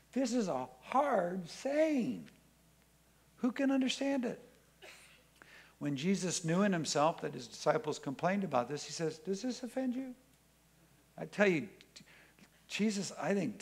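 A man preaching a sermon in church, reading scripture aloud and acting out the voices in it with emphasis. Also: mid-range voice. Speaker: pastor.

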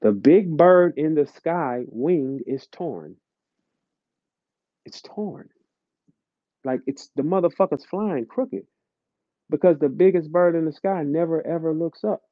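A man's voice: on the high side, moderate pace, dry recording. Profane ranting man on a dull stream. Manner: blunt, profane, lecturing. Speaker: host of an audio chat room. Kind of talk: heated rant in a live audio chat. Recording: dull lo-fi audio chat stream.

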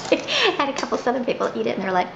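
A woman's voice: on the high side, fast talker, gravelly, roomy sound, highs cut off, noisy background. A woman chatting in a rambling way while she cooks, narrating her kitchen vlog. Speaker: home cooking vlogger. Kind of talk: chatty cooking vlog clip.

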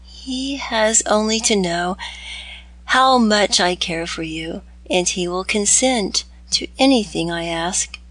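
A woman's voice: medium pitch, slow, fairly bright tone, dry recording. A woman reading as a devoted, pleading young woman. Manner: heartfelt, pleading storybook reading. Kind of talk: audiobook reading.

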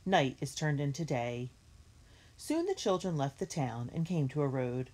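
A woman reading a children's book aloud in a clear, measured storytelling manner. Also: deep voice, sing-song, a little mellow. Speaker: reader.

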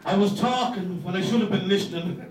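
A man doing stand-up, telling a story in an animated, swearing, exaggerated way. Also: high voice, brisk, very noisy. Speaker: stand-up comedian. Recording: roomy sound from a distant mic.

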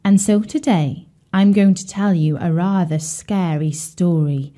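A woman telling a children's fairy tale in a gentle, confiding way, speaking directly to her young listeners. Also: lowish voice, a little slow. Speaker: storyteller. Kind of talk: storytelling for children.

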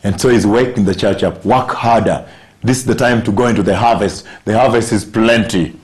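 A man preaching a sermon, stressing scripture words emphatically and slowing down on key phrases. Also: fairly low pitch.

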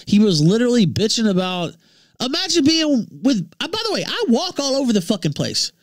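A man from Memphis, ranting profanely on his livestream, jumping between shouts and low mutters. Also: sing-song, brisk, no room sound, clean studio sound. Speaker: livestream host.

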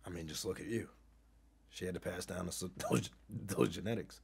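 On a live stream, a male host impersonates a smug, insulting middle-aged relationship consultant, condescending and mocking, sometimes dropping to a hushed whisper. The heavily acted voice sits low and is gravelly and slightly rough, at a normal speed.

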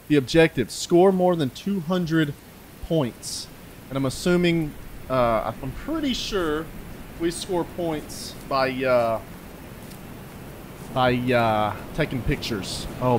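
A man streaming a storm-chasing game live, hyped up, shouting thanks to donors and sometimes out of breath. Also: medium pitch, a little hiss or hum. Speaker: gaming streamer.

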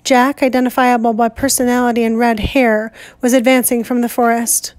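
A woman teacher reading a novel aloud in a measured, deliberate way. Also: on the high side, flat delivery, darkish tone.

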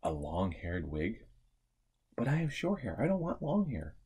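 A man's voice: lowish voice, measured pace, husky. Playful preschool teacher man. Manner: animated and playful, swinging from hushed to excited. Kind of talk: remote preschool lesson for children.

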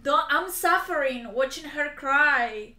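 A woman's voice: high-pitched, animated, takes it slowly, sharp tone, roomy sound. A woman hosting a reaction video, talking casually, gasping and exclaiming as she watches. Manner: gasping, exclaiming, laughing along.

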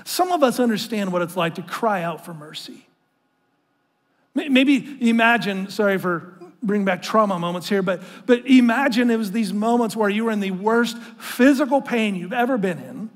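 A man's voice: sits high, normal speed. A male pastor preaching a sermon in an earnest, conversational way, often restarting his phrases and calling the congregation to read along with him. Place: church sanctuary. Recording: long reverb of a large hall.

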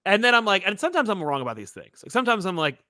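A man co-hosting a casual movie chat, rambling and animated, full of fillers and restarts, slipping into mock voices to quote people. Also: high-pitched, racing, no room sound, clean studio sound. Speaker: podcast co-host.

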